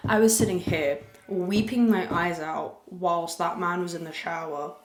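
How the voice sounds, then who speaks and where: A young woman with a fairly low voice hosts her podcast in a loose, confessional ramble. She drops crude jokes but keeps her voice soft. The recording carries a noticeable room echo. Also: fairly even intonation, normal speed, few pauses, a little hiss or hum. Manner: rambling, candid, crude jokes, talking softly. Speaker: podcast host. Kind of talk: casual confessional chat. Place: room at a farm. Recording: echoey room.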